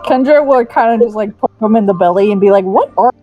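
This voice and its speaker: A woman's voice: mid-range voice, fast, dull audio, soft background music. A woman playing in a tabletop game, chatty and giggly as she describes her character's actions. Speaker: player.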